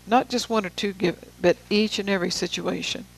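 A preacher giving a sermon, reading scripture with slow, deliberate emphasis and casual asides to the room. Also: mid-range voice, creaky, low-quality recording.

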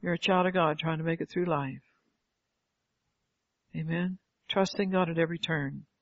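Older woman preacher, fervent sermon delivery, gravelly and husky, heard on a dull lo-fi recording. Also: low-pitched, fairly even intonation, normal speed, no room sound. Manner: fervent, calls out "Amen" and rhetorical questions. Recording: dull lo-fi, dry sound.

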